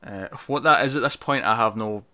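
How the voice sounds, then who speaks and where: A man's voice: medium pitch, a little fast, pushed and bright. A man co-hosting a casual TV review discussion, chatty, with many fillers and restarts. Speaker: podcast co-host.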